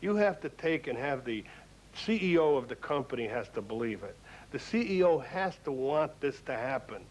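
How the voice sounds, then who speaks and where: A man's voice: medium pitch, sing-song, moderate pace, a little hiss or hum. An older man who runs a store, speaking earnestly in a folksy, storytelling way about managing people. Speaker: store owner. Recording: dull lo-fi film audio.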